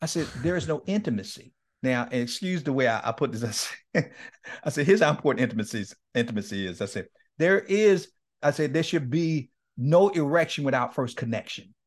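Animated man telling stories, laughing often. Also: medium pitch, brisk. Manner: animated, laughs often, acts out quoted dialogue. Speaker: guest speaker and men's ministry leader. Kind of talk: candid storytelling in a podcast interview.

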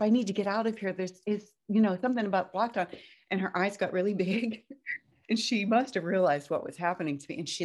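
A woman guest telling a personal story in a casual, animated way, jumping up high when she quotes herself. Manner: animated, breaks into high-pitched quoted outbursts.

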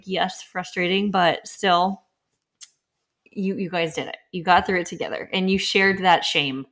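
A woman's voice: mid-range voice, a bit bright. Chatty woman reading listener stories. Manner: chatty, laughs often, reads stories aloud with asides. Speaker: podcast host.

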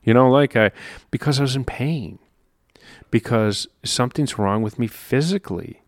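A man's voice: medium pitch, moderate pace, no echo, clean studio sound. A man giving an earnest, conversational motivational talk about health and mindset, with emphatic stresses. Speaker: motivational speaker. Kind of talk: motivational monologue.

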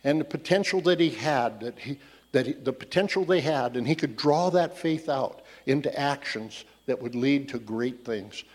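A man's voice: a little high, a little mellow. A man giving a casual, conversational Bible teaching, telling the story loosely and thinking aloud as he goes. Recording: long hall reverb.

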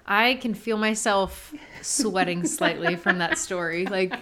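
A woman's voice: mid-range voice, measured pace, pushed and bright. A woman co-hosting a podcast who chats casually, reacts to stories and giggles often. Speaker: podcast co-host. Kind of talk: casual chat.

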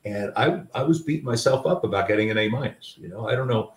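This older man, a grandfather and guest author, talks quickly in a mid-range voice while storytelling in conversation about his life. He's reflective and self-deprecating, with lots of fillers and restarts, and the recording is roomy with the mic a little distant.

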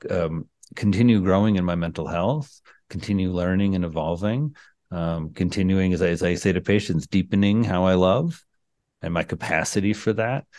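Very deep-voiced man, earnest and reflective. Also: no room sound. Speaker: psychiatrist guest. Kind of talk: podcast conversation.

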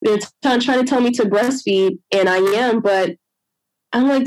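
A woman's voice: mid-range voice, moderate pace, darkish tone, dry recording, rough recording. A young adult woman telling her own birth story in a conversation, emotional and retelling what others said. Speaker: guest sharing a birth story.

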